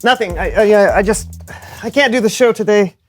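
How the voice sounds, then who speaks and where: Co-host, a man, hesitant and fidgety, high-voiced. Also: moderate pace, faint music behind. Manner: nervous, stammering, hesitant. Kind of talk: comedy sketch for children.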